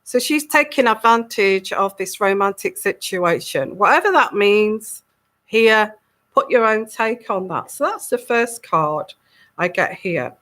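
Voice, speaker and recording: A woman's voice: medium pitch, animated, measured pace, fairly bright tone. A woman giving a live tarot reading, musing aloud, repeating words and acting out little quotes. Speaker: tarot reader.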